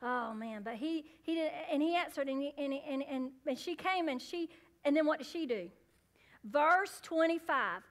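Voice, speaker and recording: Emphatic high-voiced woman pastor preaching. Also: lively intonation, moderate pace. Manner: preaching with rising emphatic bursts and hushed asides. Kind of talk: sermon.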